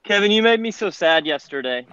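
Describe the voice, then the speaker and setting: A chatty guest teases and chats over a video call with a lively, animated delivery. The audio sounds dull and lo-fi. Clear noise sits behind the voice. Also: mid-range voice, fairly quick. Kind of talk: casual chat on a video call.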